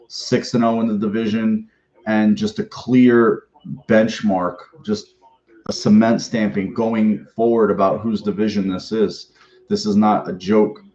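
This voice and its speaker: Man, fan podcast host, rambling commentary, lowish voice, dull lo-fi sound. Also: a little mellow. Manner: rambling, profane, with many restarts and fillers.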